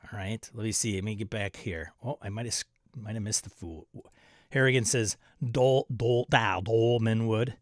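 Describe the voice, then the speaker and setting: A man's voice: lowish voice, steady tone, moderate pace, no echo, clean studio sound. A man hosting a tabletop game livestream, reading viewer comments aloud and joking around in casual chat.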